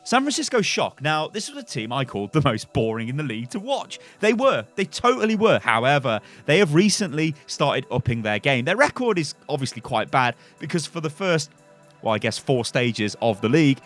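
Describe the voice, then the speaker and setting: A man's voice: a little high, brisk, faint music behind. A British man hosting a gaming news show in a chatty, opinionated commentary style. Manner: animated, opinionated, chatty with fillers.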